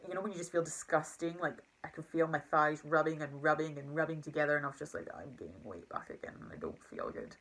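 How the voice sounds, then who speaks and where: Fast-talking young woman vlogger. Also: deep voice, fairly bright tone, poor audio. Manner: rambling, emotional, full of fillers and restarts. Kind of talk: casual confessional talk to camera.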